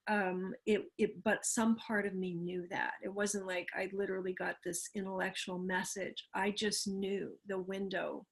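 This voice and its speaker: A woman speaking as an interview guest, earnest and thoughtful, often pausing with fillers as she reflects. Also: mid-range voice, level tone, slightly rough. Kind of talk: reflective conversation.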